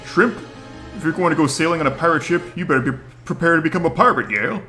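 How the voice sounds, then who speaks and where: A man voicing a gruff male pirate deckhand in a video game, talking tough and mocking. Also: a little high, quick pace, sharp tone, soft background music, voice pushed up.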